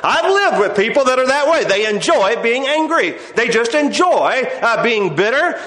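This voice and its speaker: High-voiced preacher in an echoing hall. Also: male voice. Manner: emphatic, drawn-out delivery with soft chuckles. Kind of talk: sermon.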